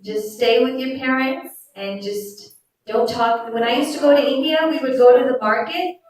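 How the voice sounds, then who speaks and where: A young woman teaching a children's religious class in a temple hall, slow and patient, quizzing the kids as she goes. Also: sits high, steady tone. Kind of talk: religious lesson with chanted verses. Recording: very echoey hall, mic far off.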